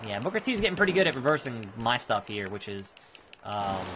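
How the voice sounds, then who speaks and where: A man hosting a let's play, giving excitable, self-mocking gameplay commentary. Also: mid-range voice, brisk, slight background noise.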